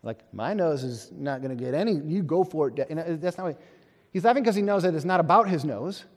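A male pastor preaching a sermon in a conversational, animated way, with self-deprecating humor and acted-out quotes. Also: on the high side, fairly quick, big-room sound.

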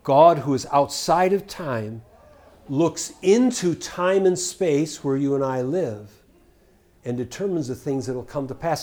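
Older man, sermon teacher, earnest, asks rhetorical questions, loud on verses, soft on reflections. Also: fairly high pitch, unhurried. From United States. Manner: earnest, rhetorical questions, swings between loud scripture reading and quiet asides. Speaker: preacher.

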